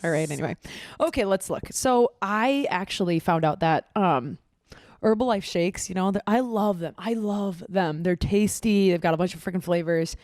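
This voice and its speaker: A woman in her twenties co-hosting a casual podcast, telling stories in an animated way, acting out quoted lines and swearing freely. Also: lowish voice, moderate pace, dry recording, studio quality. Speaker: podcast co-host. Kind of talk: casual chat.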